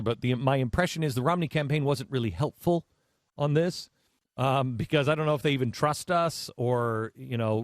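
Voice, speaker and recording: A man hosting a talk show, telling a long story in a lively, halting way with many restarts. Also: medium pitch, no echo, clean studio sound. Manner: animated storyteller with frequent restarts. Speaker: radio show host. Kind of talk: talk radio storytelling monologue.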